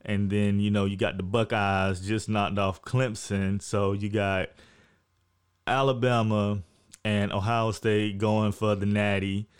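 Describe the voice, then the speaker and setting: A man's voice: on the low side, flat delivery, takes it slowly, smooth. A man hosting a casual podcast monologue, talking in a laid-back, frank and profane way. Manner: laid-back, frank and profane, often says "you know what I'm saying". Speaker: podcast host.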